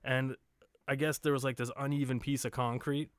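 A man co-hosting a podcast in easy, laid-back chat, laughing now and then. His voice sits at a middle pitch and sounds dry and close, with no room around it. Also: little pitch movement, brisk, clean tone, dry recording. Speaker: podcast co-host. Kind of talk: casual chat. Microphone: home studio mic.

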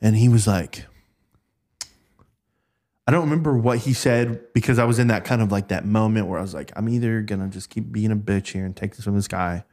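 On a podcast, a male guest casually tells stories from an old job, animated and acting out the voices of people he quotes. His voice is on the low side and brisk.

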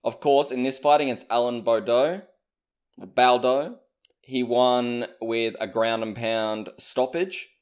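A man's voice: medium pitch, steady tone, slow. A man casually recapping fights as a commentator, opinionated and chatty, often hedging his claims. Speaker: MMA commentator.

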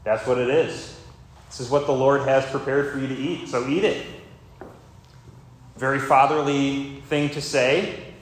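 A man's voice: mid-range voice, steady tone, measured pace, pauses often. Man preaching in a very echoey room. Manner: conversational, rambling with fillers and asides. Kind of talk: sermon. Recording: very echoey room with faint ambient noise.

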